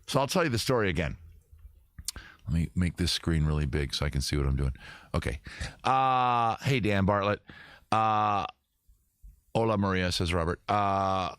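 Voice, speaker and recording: A man's voice: low voice, animated, normal speed, fairly bright tone, no room sound, studio quality. A man hosting a casual live stream, chatting with viewers and reading their comments aloud, often restarting his sentences. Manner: stammering restarts, reads chat aloud. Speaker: show host.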